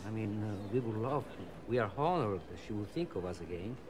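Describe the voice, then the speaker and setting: A man's voice: lowish voice, lively intonation, fairly quick, crowd noise, lightly acted. Figure: a man playing a flustered hotel manager. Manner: eager, deferential, hesitant.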